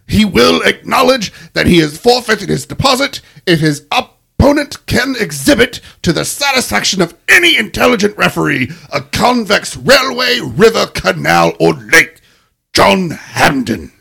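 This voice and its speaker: A man putting on a British accent to voice an angry, pompous Victorian English gentleman in slow, booming, indignant proclamation. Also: very animated, creaky, breathy edge, exaggerated voice. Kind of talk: podcast character reading.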